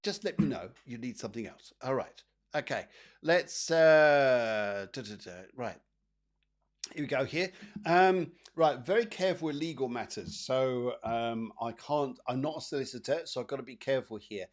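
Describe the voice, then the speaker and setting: A man's voice: mid-range voice, normal speed. A man hosting a live psychic show, reading cards for viewers in a rambling, chatty way with many repeats and fillers. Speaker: psychic medium host.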